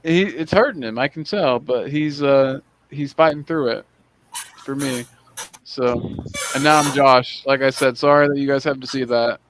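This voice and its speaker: A man's voice: mid-range voice, moderate pace, fairly bright tone, a little hiss or hum. An American man in his late twenties hosting a casual chat, rambling and laughing easily. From United States. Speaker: podcast host.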